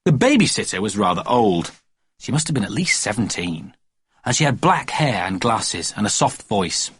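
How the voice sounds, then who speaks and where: Expressive male storyteller. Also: on the low side, normal speed, breathy edge, no echo. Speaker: audiobook narrator. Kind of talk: storybook narration.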